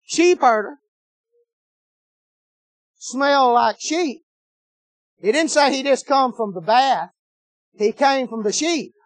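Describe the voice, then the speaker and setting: Preacher, folksy sermon, high voice, dry close mic. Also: male voice, slow pace, long pauses, dry recording. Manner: folksy, animated storytelling, swings from shouting to low tones.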